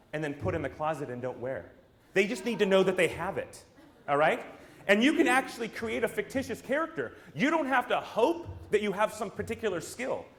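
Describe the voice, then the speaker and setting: A man from the United States giving an emphatic keynote talk to a room, firing rhetorical questions and theatrical asides at the audience. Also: high voice. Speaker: brand strategist, speaker.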